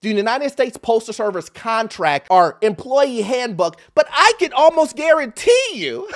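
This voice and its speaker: A man's voice: very high-pitched, sing-song, measured pace, hardly any pauses. A man hosting a commentary show, reacting to clips with laughter and talking straight to his viewers. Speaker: host. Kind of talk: commentary on social media clips.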